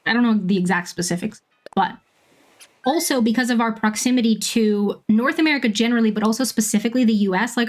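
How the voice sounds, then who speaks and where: Chatty woman streamer, laughing a lot. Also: fairly high pitch. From Bermuda. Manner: chatty, laughs often, lots of ums. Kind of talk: casual chat while playing a game.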